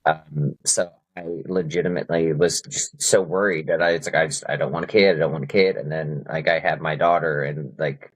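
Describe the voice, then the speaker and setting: A man with a low voice hosting a conversational podcast interview. He responds warmly to his guest and shares his own experience in a sincere, affirming way. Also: fairly even intonation, brisk, few pauses, breathy edge, rough recording. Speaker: podcast host.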